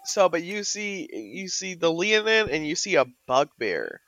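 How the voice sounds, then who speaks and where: A woman's voice: lowish voice, sing-song, a little slow, fairly bright tone, dry recording. A woman narrating as game master in a casual tabletop game, rambling and swearing freely.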